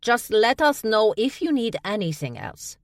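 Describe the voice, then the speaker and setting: A woman voicing a cheerful young female messenger in an audiobook, high and chirpy. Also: very animated, measured pace, dry recording, clean studio sound.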